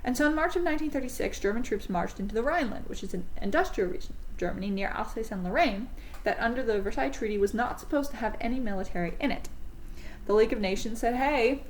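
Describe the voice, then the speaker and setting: A woman's voice: fairly high pitch, animated, fast, slight background noise, low-quality recording. A woman teaching a history class in a casual, chatty way, with frequent ums and self-corrections.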